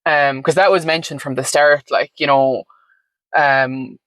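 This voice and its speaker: A woman's voice: a bass voice, fairly even intonation, unhurried, fairly bright tone, dry recording. A woman talking candidly as an interview guest, frank and chatty with lots of fillers and the odd swear word. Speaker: podcast guest.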